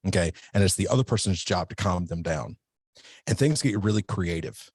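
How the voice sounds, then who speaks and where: A man's voice: low voice, moderate pace, husky, no echo, studio quality. A man who teaches self-defense, talking casually and at length in a podcast interview, often restarting his sentences. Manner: relaxed, rambling, self-correcting.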